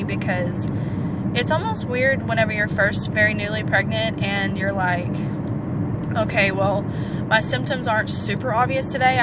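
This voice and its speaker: A young mother, talking casually in a rambling vlog with many fillers while out on a walk, a little out of breath. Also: mid-range voice. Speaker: vlogger, mother. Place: outdoors on a road, walking with a stroller. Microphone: handheld phone camera. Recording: loud outdoor noise, traffic.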